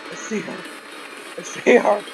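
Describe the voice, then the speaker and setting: A man giving let's play commentary, excitable and yelping at jump scares. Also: sits high, unhurried, music in the background. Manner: excitable, yelps and shrieks at scares. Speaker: gameplay commentator.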